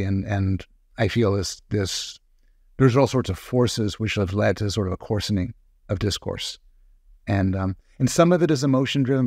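A man with a fairly low voice speaks as a guest in a podcast interview. He lays out his reasoning step by step, carefully and deliberately. The recording is dry and close-miked. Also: darkish tone, dry recording. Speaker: psychologist guest. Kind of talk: conversational interview.

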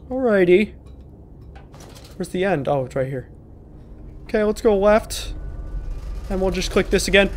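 In this horror game let's play, a male gaming video host with a voice that sits high talks directly to the characters. His banter is joking, profane, and mock-apologetic, and there's slight background noise.

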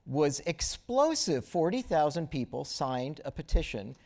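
A man hosting an onstage interview, his pitch rising and falling with a lot of life. He puts probing, teasing questions to his guest. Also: big pitch swings, measured pace, darkish tone. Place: auditorium stage before an audience.

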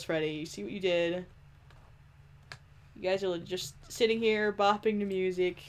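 A woman giving playful, giggly gameplay commentary, teasing the characters and talking straight to them on screen. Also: medium pitch. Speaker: let's play host.

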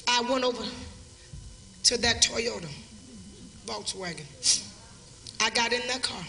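A woman preacher telling a story in a sermon, shouting and urging the crowd to answer back. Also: fairly high pitch, measured pace, vocal fry, roomy sound, in a large hall, slight background noise. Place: church crusade service.

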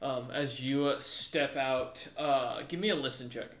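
Rambling game master in an echoey room. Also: male voice, mid-range voice, measured pace, a bit bright. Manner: rambling narration full of fillers and restarts. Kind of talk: narrating a tabletop game.

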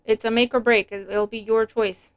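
A woman giving a casual, animated tarot reading, chatty and quick to laugh. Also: fairly high pitch, clean tone. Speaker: tarot reader.

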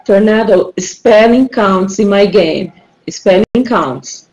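A woman's voice: medium pitch, a little mellow, rough recording. A woman with a Brazilian accent, a Portuguese native speaker, patiently running a rhyming word game for an online class as the teacher. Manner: slow, patient, encouraging.

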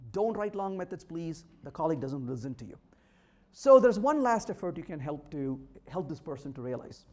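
A man's voice: high-pitched, a little mellow. A man giving a humorous technical talk at a meetup, polling the audience and trading wry jokes with them. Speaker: conference speaker. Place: meetup room.

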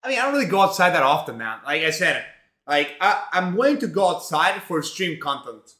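A man's voice: a little high, big pitch swings, fairly quick, sharp tone. A young man from Mexico streaming live while he cooks, chatting casually in a rambling, profane way full of fillers. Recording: roomy home echo.

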